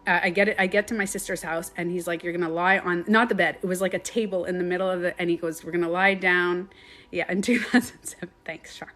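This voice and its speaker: A woman who coaches meditation, telling a personal story on a live stream in an animated way, swearing casually and laughing often. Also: on the low side, fast talker.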